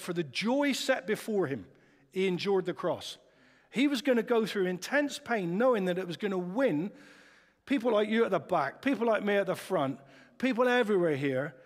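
Chatty preacher in a reverberant church. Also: male voice, high-pitched. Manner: chatty, lively, asks the congregation rhetorical questions. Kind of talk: sermon. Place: church hall.

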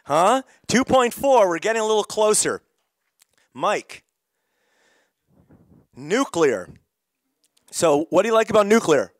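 A man's voice: high-pitched, sing-song, slow pace, pauses often, no room sound. A middle-aged man leading an interactive climate workshop, calling on audience members while losing his voice. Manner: engaging, calls on audience members.

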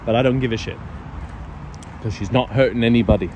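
A man's voice: medium pitch, brisk, long pauses. A man giving a casual, chatty walking tour on forest trails near a city, talking loosely and swearing now and then. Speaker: vlogger. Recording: outdoor background noise.

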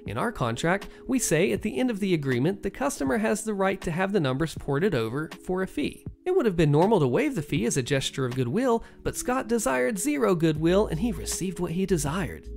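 Gravelly, sardonic story narrator. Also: medium pitch, sing-song, a little fast, hardly any pauses, darkish tone, faint music behind. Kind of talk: first-person story narration.

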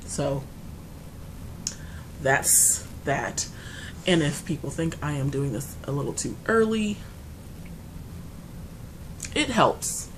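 A woman vlogger talking through her grief at home, rambling and restarting, going quiet and then loud. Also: low voice, animated, takes it slowly, pauses often, noisy background. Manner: grieving, rambling, restarts often, swings between quiet and loud. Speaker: beauty vlogger. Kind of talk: casual personal talk to camera. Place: her apartment.

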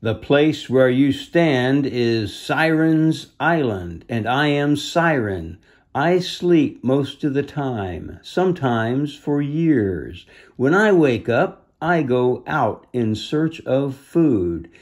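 A man voicing a huge, gentle male island beast in a storybook, speaking slowly and formally with a gravelly voice. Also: medium pitch, animated. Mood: solemn. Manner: slow, formal old-fashioned speech. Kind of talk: storybook read-aloud.

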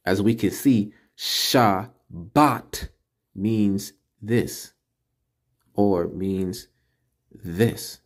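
A man giving a casual screen-recorded lesson, slowly sounding out syllables and repeating words to drill them. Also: on the low side. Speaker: religious teacher. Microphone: computer mic while screen recording.

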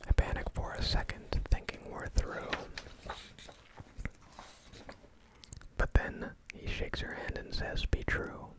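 A man voicing a young woman in love, in a whispered role-play of a rap, soft and low. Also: moderate pace, lightly acted, poor audio. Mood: tender.

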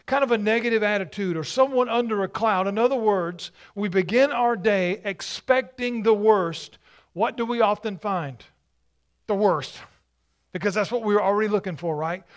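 A male pastor preaching a sermon in a conversational way, often checking in with "right?" and dropping to a hush for quoted words. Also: high-pitched. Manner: drops to a hush for quoted words, rises for emphasis.

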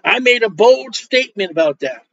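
A high-voiced male preacher tells jokes through his sermon and acts out the lines of people in his stories. The recording is dull and lo-fi. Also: normal speed, no room sound. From Polish Roman Catholic upbringing. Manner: joking, animated, acts out quoted dialogue. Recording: dull lo-fi sound.

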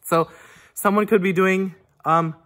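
Unhurried and steady, this medium-pitched woman's voice has a fairly bright tone. She's an oboe teacher leading a casual spoken lesson, reflecting out loud in a rambling way and humming phrases on syllables to demonstrate their flow.

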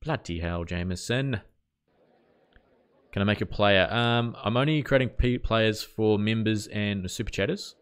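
Unhurried and lowish, this man's clear, resonant voice carries a Kiwi accent as he live-streams a game from New Zealand. He chats casually, responding to the gameplay and to messages from viewers.

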